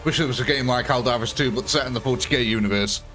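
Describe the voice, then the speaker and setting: A man's voice: medium pitch, fast talker, fairly bright tone, faint music behind. A young man chatting through a live gameplay stream, thanking viewers and talking through his choices.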